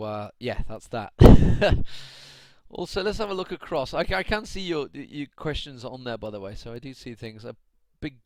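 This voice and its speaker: A British esports caster commentates a match solo on his live stream, chatting, laughing and ranting as he responds to viewers. His voice is middle-pitched and a little mellow, captured close and dry with no room sound or echo.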